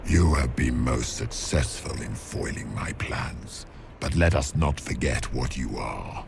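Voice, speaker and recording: Corypheus, a menacing self-made god. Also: male voice, rumbling low, a little slow, creaky, noisy background, exaggerated voice. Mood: contemptuous. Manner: grandiose, contemptuous. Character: ancient would-be god, menacing male villain. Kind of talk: game voice acting.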